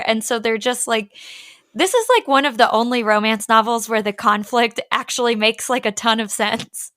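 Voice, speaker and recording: A woman with a bright, forceful, slightly high voice, talking casually on a book podcast. She fills her speech with "like" and slips into character quotes. The sound is dry and close to the mic. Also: normal speed, no room sound. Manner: chatty, filler-heavy, quotes characters. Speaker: podcast co-host.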